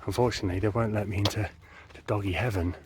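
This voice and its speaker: A man's voice: lowish voice, steady tone, fast, background noise, lightly acted. A man voicing the earnest, formal ghost of a dog. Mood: solemn. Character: solemn ghost of a pub dog.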